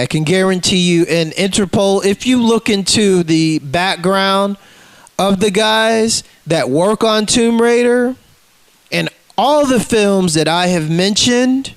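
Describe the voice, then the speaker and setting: A man with a high-pitched voice rants, cursing freely and calling people out. His sound is dry and close, with no room behind it. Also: clean tone, no echo, rough recording. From United States. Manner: ranting, profane, confrontational. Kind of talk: profane rant to camera.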